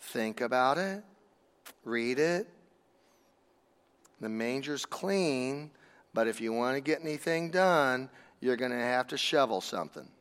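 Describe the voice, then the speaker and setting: A man's voice: mid-range voice, animated, a little slow, pauses often, fairly bright tone, clean tone, in a large hall. A man preaching a sermon in a conversational, emphatic way, stopping for rhetorical questions.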